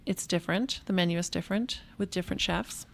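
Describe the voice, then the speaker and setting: A young adult woman co-hosting a casual podcast, chatty and easygoing, laughing often and filling pauses with ums while she shares event news. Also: lowish voice, vocal fry, a little hiss or hum. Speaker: podcast co-host. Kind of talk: casual chat.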